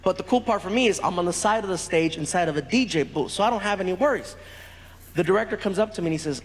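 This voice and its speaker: A male stand-up comedian telling a story on stage, animated and laughing as he acts out the other people in it. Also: high voice, fast. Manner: animated, laughing, doing voices. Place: large theater stage. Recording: echoey hall.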